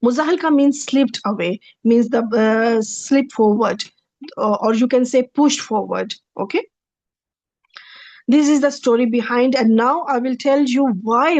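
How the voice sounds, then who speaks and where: A woman's voice: on the high side, unhurried, darkish tone, no room sound, low-quality recording. Patient woman teaching a grammar lesson. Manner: patient, repeats each translation several ways. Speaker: Quranic Arabic teacher. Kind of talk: recorded grammar lecture.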